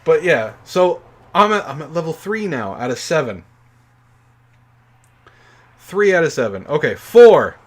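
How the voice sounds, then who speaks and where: A man in his forties with a notably high-pitched voice, chatting casually as a podcast co-host. He tells his stories in an animated way, swearing freely as he goes. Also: a little slow, long pauses. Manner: profane, animated storytelling. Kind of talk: casual chat.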